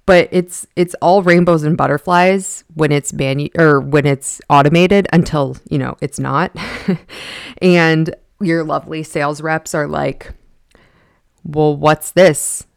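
A woman's voice: sits low, steady tone, measured pace, vocal fry, clean tone, no echo, clean studio sound. A woman hosting a podcast, talking casually and frankly, venting with exasperation and the odd swear word. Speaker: podcast host.

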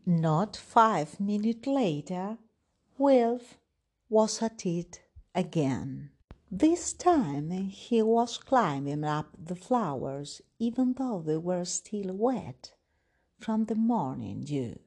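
A woman hosting a podcast, reading a children's story aloud in an expressive, sing-song storytelling manner. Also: lowish voice, slow pace, husky.

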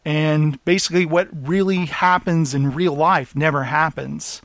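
A man's voice: fairly high pitch, unhurried, no echo. A man in casual podcast chat about a film, retelling scenes with a lot of laughter and acting out the characters' lines. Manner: animated retelling, laughs often, acts out lines. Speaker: podcast guest.

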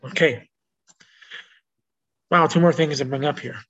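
A man's voice: fairly high pitch, measured pace, fairly bright tone. A man hosting a casual solo music-history podcast. He reads from notes and drifts into rambling asides full of restarts and self-corrections. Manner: reads out notes in a plain informational way. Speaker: podcast host. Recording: dull lo-fi recording.

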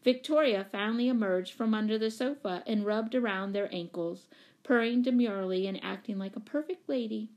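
A woman narrates a children's novel in a calm, even voice. Her pitch sits in an ordinary middle range, and her pacing is steady. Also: fairly quick. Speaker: audiobook reader. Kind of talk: reading a children's novel aloud.

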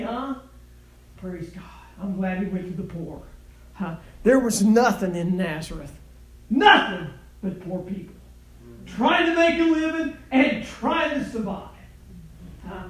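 A man preaching a sermon in a chanting cadence, tagging lines with "huh?" and swinging from low murmurs to shouted peaks. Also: lively intonation, takes it slowly, long pauses. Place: church. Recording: echoey room from far off.

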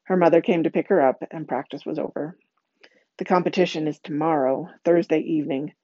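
Woman reading a novel aloud, lowish mellow voice, dry, slightly muffled. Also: fairly even intonation, brisk, no room sound. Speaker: reader.

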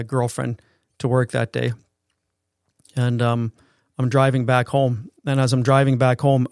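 Guy w a gravelly voice telling a raw intense story, dry mic, lots of restarts n swearing. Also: mid-range voice, darkish tone, dry recording. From Canada. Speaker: podcast co-host. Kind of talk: personal story told in casual conversation.

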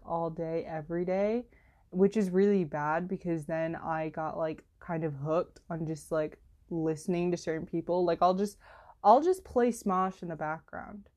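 She's a teen girl filming a chatty student vlog, wandering off topic and leaning heavily on "like" and "literally." Her delivery is animated, with sudden jumps in pitch when she's fed up.

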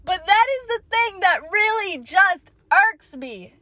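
A young woman with a high voice hosts her own podcast, talking on and on and cursing all the time. She swings from quiet mumbling to loud, indignant yelling. The sound is dry and close, with no room echo. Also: lively intonation, slow. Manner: profane, rambling, swings from mutter to loud yelling. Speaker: podcast host. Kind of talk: solo podcast rant.

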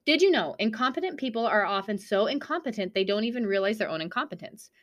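A young woman co-hosting a podcast in casual chat, dramatic and quick to swear while reading trivia aloud. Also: mid-range voice, expressive. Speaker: podcast co-host.

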